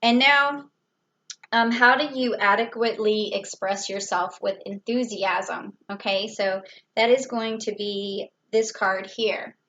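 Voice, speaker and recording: A woman's voice: mid-range voice, fairly even intonation, slow, fairly bright tone, lo-fi sound, slight background noise. A woman giving a casual tarot reading, talking it through in a chatty way with fillers and small laughs. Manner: chatty, thinks aloud with fillers and little laughs. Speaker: tarot reader.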